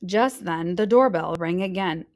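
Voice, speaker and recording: A woman, a teacher, reading a children's picture book aloud with expressive voices for the characters. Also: fairly low pitch, unhurried. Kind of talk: storybook read-aloud.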